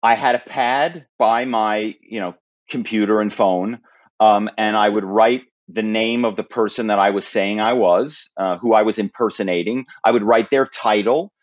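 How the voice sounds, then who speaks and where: A man speaking as a podcast guest, telling stories in an animated way and slipping into impersonations. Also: lowish voice, moderate pace, no echo, lo-fi sound. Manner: animated storyteller who slips into impersonations. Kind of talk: interview conversation.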